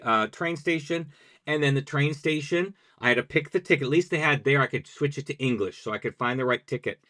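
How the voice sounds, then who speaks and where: American man telling travel anecdotes. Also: a little high. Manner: lively anecdotal, acts out quoted dialogue. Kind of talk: conversational storytelling.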